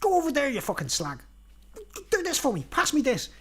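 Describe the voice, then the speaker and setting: A tiny, foul-mouthed leprechaun with an Irish accent barks orders in a shrill, high voice, far above the man who puts him on. He is bossy and nasty, snapping every command like a pimp. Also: wildly swooping pitch, a little fast, a bit bright, exaggerated voice. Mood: barking. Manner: barking crude orders. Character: small rude bossy male leprechaun pimp.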